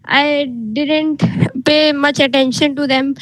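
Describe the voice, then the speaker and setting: Hesitant high-voiced woman. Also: little pitch movement, slow pace, no echo, poor audio. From Delhi, India. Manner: hesitant, many uh fillers, earnest. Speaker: fan guest on a video call. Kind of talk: personal story on a video call. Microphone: video call.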